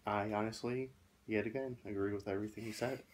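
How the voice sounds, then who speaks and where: A man's voice: lowish voice, steady tone, fast, a little hiss or hum. A man co-hosting a casual product review, easygoing and agreeable, with hesitant fillers. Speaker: co-host of a fragrance review channel.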